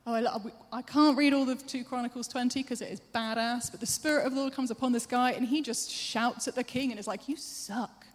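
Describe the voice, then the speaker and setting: A woman preacher giving a sermon, chatty and self-deprecating, with quick asides to the congregation. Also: fairly high pitch, steady tone. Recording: long hall reverb.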